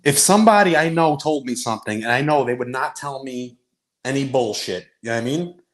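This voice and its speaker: A man chatting casually as a guest, mocking and quick to laugh. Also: medium pitch. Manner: lively, mocking, laughs a lot. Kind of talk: casual chat.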